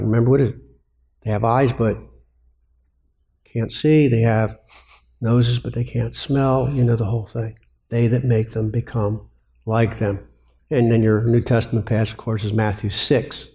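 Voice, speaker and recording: A man preaching a sermon on biblical counseling, lively, who keeps asking rhetorical questions and answering them himself. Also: mid-range voice, moderate pace.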